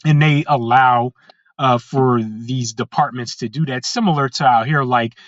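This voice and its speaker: A man's voice: mid-range voice, steady tone, a little slow. A man from California, talking in an everyday mid-range voice as a podcast guest. He tells his story casually, with plenty of "uh"s and false starts. The sound is a bit muffled and dry, with no room echo. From California, USA. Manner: frequent "uh" fillers and restarts, acts out quoted people.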